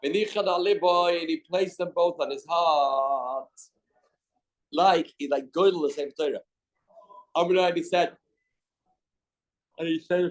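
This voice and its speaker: Slow and given to long pauses, this man's voice is a little high. He's a Talmud teacher from Canada who gives a daily class in a study hall, reading aloud, explaining in English, and acting out the dialogue.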